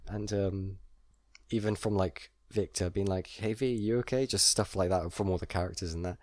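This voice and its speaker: A man's voice: low voice, level tone, normal speed, dry recording. A man chatting casually about a video game, rambling with fillers and frequent laughs.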